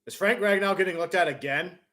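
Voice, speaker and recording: A man with a high voice calls a football game as a fan on his own live stream. He narrates each play in casual play-by-play and breaks into loud cheers when his team scores. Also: fairly quick. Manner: excitable, bursts into loud cheers.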